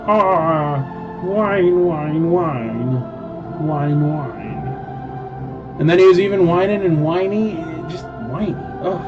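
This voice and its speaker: A man casually ranting with sarcasm while selling at a live auction, mocking others through quick quoted asides. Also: high voice, muffled recording.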